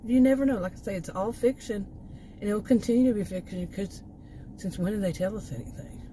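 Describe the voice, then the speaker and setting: A woman vlogger with a worn, hoarse voice, chatting in a rambling casual way from inside her car, often restarting her sentences and laughing softly. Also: medium pitch, a little fast, rough recording. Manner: meandering, frequent restarts and soft laughs. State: voice worn out, hiccups. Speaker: vlogger doing food deliveries. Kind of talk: rambling casual chat while driving. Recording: loud car noise behind.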